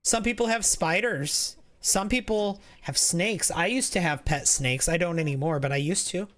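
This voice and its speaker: A man's voice: high voice, moderate pace, fairly bright tone. A man streaming a game, chatting casually in a rambling way, reading chat aloud and often restarting his sentences.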